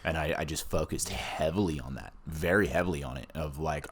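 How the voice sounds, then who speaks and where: A man's voice: extremely low pitch, a little fast, husky. A man, a war veteran, telling his story in casual, profane podcast chat, blunt and often laughing.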